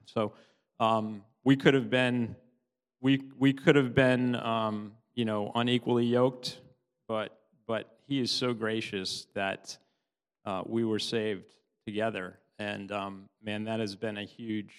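Tearful man testifying in a reverberant hall. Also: on the low side. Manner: halting, many restarts, laughs often. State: tearful, sobbing at times. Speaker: church member giving testimony. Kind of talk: emotional personal testimony. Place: church hall.

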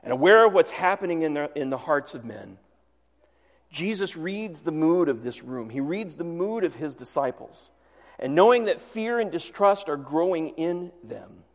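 Male pastor, earnest sermon delivery, higher voice, long reverb. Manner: earnest, swings from loud to hushed.

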